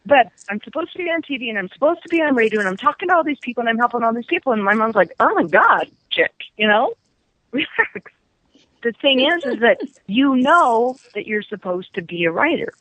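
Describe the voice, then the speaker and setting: Animated woman in her fifties. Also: fairly high pitch, fast, few pauses, no echo. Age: 50s. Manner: animated storytelling, laughs often. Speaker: psychic guest. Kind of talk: casual radio chat. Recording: dull lo-fi radio sound.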